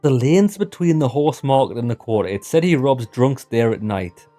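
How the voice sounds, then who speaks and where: A man with a Sunderland accent giving casual commentary while playing a game, chatty and quick to laugh. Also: mid-range voice, animated, mellow, soft background music. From north-east England. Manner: chatty, laughing, mimics dialect. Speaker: gaming let's-player.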